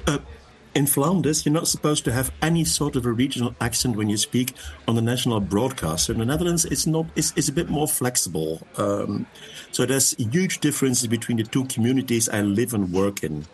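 Measured man with thoughtful pauses. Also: medium pitch, animated. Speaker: linguist guest. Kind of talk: radio discussion.

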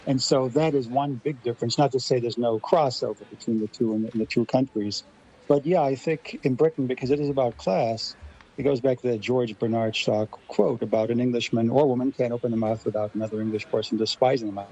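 A man's voice: medium pitch, steady tone, a little fast, dark tone, husky, lo-fi sound. A man from Los Angeles, a radio guest, arguing his points articulately. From Los Angeles, USA. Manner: articulate, argumentative. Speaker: guest commentator. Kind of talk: radio discussion.

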